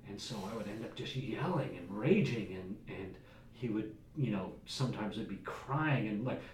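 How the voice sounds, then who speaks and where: A man with a lowish voice speaks candidly as a podcast guest, rambling and leaning on filler words. He sits back from the mic in an echoey room with a faint hiss underneath. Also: animated, normal speed, recorded from a distance. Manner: rambling, fills speech with "like" and "right?". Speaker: guest, entrepreneur and father. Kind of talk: candid casual conversation.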